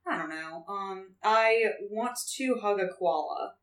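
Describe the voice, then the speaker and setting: A woman's voice: medium pitch, slow, echoey room, far from the mic. A woman guesting on a podcast in casual chat, chatty and laughing easily, with casual swearing.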